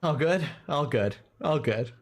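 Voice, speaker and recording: Excitable man swearing at a game. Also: fairly high pitch, measured pace. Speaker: streamer. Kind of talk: casual gameplay commentary.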